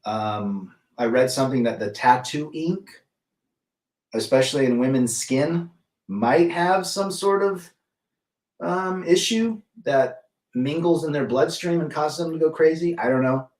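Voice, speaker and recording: His pitch runs a bit high and his tone is slightly mellow as he speaks at a measured pace. He's a middle-aged man hosting a casual livestream, reading chat, welcoming chatters by name, and being blunt with his opinions. The room echoes, with the mic set well back.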